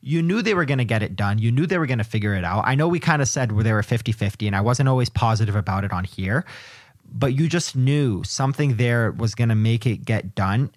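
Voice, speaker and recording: A man's voice: medium pitch, a little fast, no echo, studio quality. A man co-hosting a sports podcast, making his points in an emphatic, argumentative way. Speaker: podcast co-host. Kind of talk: casual sports podcast chat.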